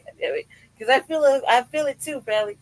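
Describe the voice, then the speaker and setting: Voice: sits high, fairly quick, poor audio. A podcast host in casual chat, ranting with lots of swearing and frequent laughter while questioning their own feelings aloud. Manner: profane, laughing rant that questions itself.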